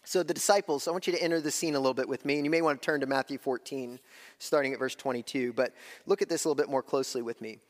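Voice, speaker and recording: In a large hall, a pastor delivers a sermon conversationally in a medium-pitched voice. Slow, weighty phrases are broken up by quick asides.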